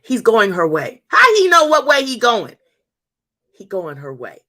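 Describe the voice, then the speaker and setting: Unhurried and fairly high-voiced, this woman in her 50s hosts and speaks at church, addressing the congregation head-on as she shares a lively testimony.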